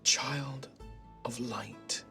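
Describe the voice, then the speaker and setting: A man's voice: mid-range voice, steady tone, gravelly, bright, forceful tone, faint music behind, exaggerated voice. A man voicing a reverent armored woman warrior. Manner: reverent and slow. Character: awestruck tall armored female warrior.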